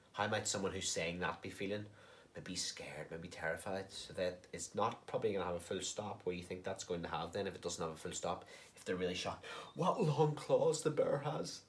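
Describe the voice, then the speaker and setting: A man teaching a recorded online lesson to young children, patient and sing-song, with questions that rise at the end. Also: fairly low pitch. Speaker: primary school teacher.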